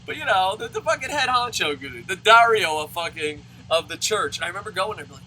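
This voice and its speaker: A man from New Jersey reviewing a wrestling show in a loud, profane, laughing rant that jumps into high shouts. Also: animated, a little fast, a little hiss or hum, rough recording. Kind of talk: profane animated ranting review.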